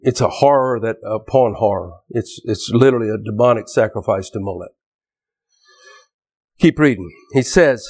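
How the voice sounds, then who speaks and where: A man's voice: fairly low pitch, moderate pace, a little mellow, husky. A man preaching a fervent, emphatic sermon, often restarting and repeating words as he drives his points home.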